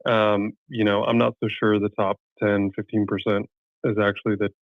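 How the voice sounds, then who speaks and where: A man with a gravelly, creaky voice chats loosely and rambles with fillers. He comes through a dry, dull line. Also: lowish voice, little pitch movement, moderate pace, no echo. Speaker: podcast guest. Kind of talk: casual chat.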